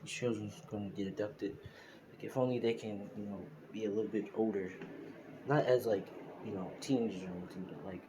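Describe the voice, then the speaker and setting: A man voicing a gentle, worried young hero father in his own low voice, hesitant and earnest. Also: fairly even intonation, a little fast, noisy background, natural voice.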